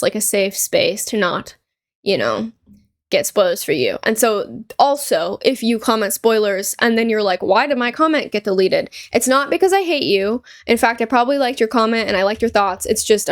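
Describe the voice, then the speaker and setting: Chatty young woman, rambling and animated. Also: on the high side. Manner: rambling, animated storytelling with frequent "like" and laughs. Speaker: gaming YouTuber; store cashier. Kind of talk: casual chatty commentary.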